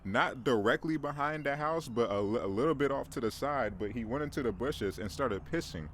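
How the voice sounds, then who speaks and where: With slight background noise, a young man in his twenties talks briskly and animatedly in a mid-range, fairly bright voice. At home with his backyard in view, he rambles through his solo morning podcast, poking fun at himself, restarting sentences and tossing out "bro" repeatedly.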